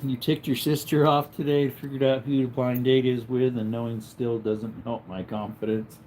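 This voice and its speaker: A tired man with a headache, lying in bed at home and chatting casually on a livestream while reading out viewer comments in a low-key, drowsy way that trails off. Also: little pitch movement, normal speed, a little mellow, slight background noise. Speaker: livestream host.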